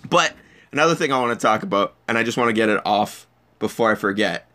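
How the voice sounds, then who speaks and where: A man hosting a podcast in casual chat, chatty and quick to laugh, swearing casually. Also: fairly low pitch, animated, pushed and bright. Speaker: podcast host.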